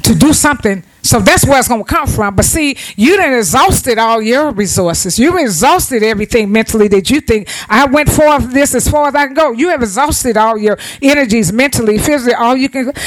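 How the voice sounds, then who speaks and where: A woman's voice: a little high, lively intonation, normal speed, few pauses, poor audio. A woman preacher delivering a sermon in informal vernacular speech, with frequent restarts and repeated calls of "Amen" to the congregation.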